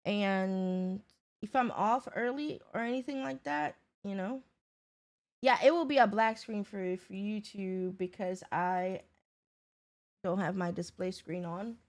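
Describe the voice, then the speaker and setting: A woman's voice: mid-range voice, slow. A woman streamer in casual chat, greeting viewers by name and talking loosely with them. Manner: chatty, talks to viewers by name. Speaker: livestreamer.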